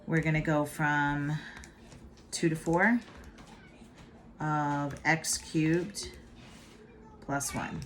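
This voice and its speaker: A woman's voice: low-pitched, fairly even intonation, very slow, long pauses, a little hiss or hum. A middle-aged woman giving a chatty, playful math lesson from home, talking through each step. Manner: chatty and playful, with hype catchphrases. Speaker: math teacher. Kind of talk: casual video math lesson.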